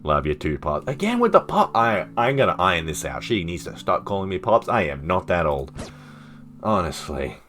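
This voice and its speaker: Reading a dating game's lines aloud while streaming, a man throws in playful jokes at his own expense. His low, sing-song voice is fairly bright and moderately paced, with a little hiss or hum on the recording.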